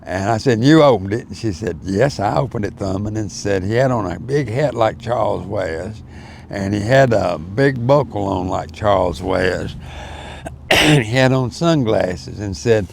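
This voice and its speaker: Gravelly older man spinning yarns. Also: lowish voice, lively intonation, a little slow, slight background noise. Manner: rambling, folksy storyteller with many fillers. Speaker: interview guest. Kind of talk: storytelling in casual chat.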